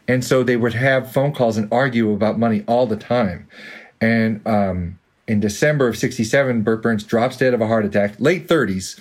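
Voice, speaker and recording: A man with a light Boston accent telling a long story in a casual interview, with many fillers and restarts. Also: mid-range voice. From Boston area, USA. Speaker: author guest.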